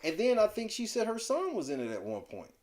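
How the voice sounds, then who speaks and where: A man's voice: wildly swooping pitch, fairly quick. A man co-hosting a podcast, giving blunt, profane, slang-heavy commentary on reality TV in a casual chat. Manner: blunt, profane, slangy, swings between low mutter and loud emphatic rants. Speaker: podcast co-host.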